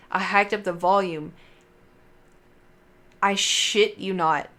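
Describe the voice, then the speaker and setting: A woman's voice: mid-range voice, steady tone, unhurried, long pauses, fairly bright tone. A young woman streamer telling stories to her chat in a casual, rambling way, full of fillers and swearing. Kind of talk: casual livestream storytelling.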